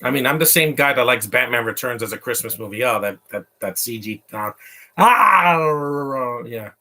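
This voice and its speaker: Man, movie reactor, casual and opinionated, chatty asides, mid-pitched everyday voice. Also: steady tone, brisk, sharp tone.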